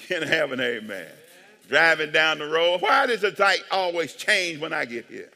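Lively, bright-voiced man preaching in reverb. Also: a little high, measured pace. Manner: animated, joking, calls for amens. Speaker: pastor. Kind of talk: sermon. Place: church sanctuary. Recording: long church reverb.

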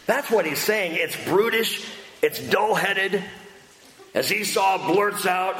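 A male pastor preaching a sermon in an animated, humorous and emphatic way. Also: sits high, measured pace. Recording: echoey hall with faint noise.

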